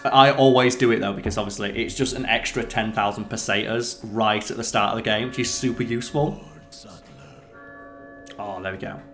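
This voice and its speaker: A man hosting a let's play, chatting excitedly over gameplay, swearing freely and quizzing his co-player. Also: fairly low pitch, moderate pace, faint music behind. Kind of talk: casual gameplay commentary.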